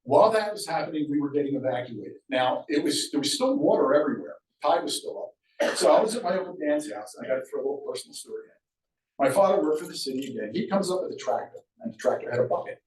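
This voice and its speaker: Older guy telling stories at a local talk, lively, room echo, mic kinda far. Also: on the high side, quick pace. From Sea Isle City, New Jersey. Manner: lively and conversational, acts out quoted voices. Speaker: local speaker sharing memories. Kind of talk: public storytelling talk. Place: event room at a museum talk.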